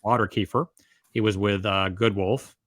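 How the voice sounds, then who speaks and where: Chatty low-voiced male podcast host. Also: fairly even intonation, normal speed, a bit bright, no room sound. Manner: chatty, joking asides. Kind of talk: casual podcast chat.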